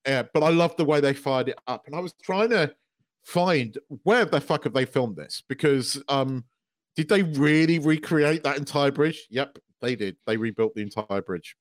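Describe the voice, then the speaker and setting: A man's voice: medium pitch, normal speed. A man co-hosting a podcast, gushing and swearing as an emotional fan in casual chat. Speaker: podcast co-host.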